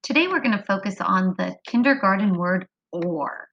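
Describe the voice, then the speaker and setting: A woman teaching a phonics lesson to young children, slow and sing-song, drawing words out. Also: mid-range voice, lively intonation, creaky, muffled recording. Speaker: kindergarten teacher.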